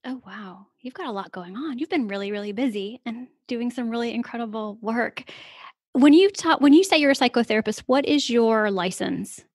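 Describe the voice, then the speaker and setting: A woman's voice: a little high, normal speed, darkish tone, dry recording, clean studio sound. A woman hosting a podcast about therapy, chatty and effusive, laughing often as she talks. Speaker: podcast host. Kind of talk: podcast interview.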